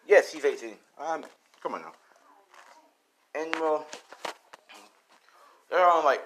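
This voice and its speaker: A man's voice: fairly high pitch, background noise. A young man casually narrating an improvised fan story, rambling with fillers and quoting characters in passing. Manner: rambling, with filler words and quick quoted character lines.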